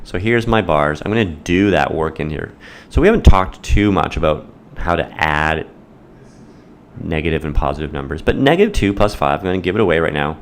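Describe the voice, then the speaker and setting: Playful deep-voiced male math teacher. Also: lively intonation, a little fast, slight background noise. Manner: playful, theatrical, acts out students' voices. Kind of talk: whiteboard math lesson.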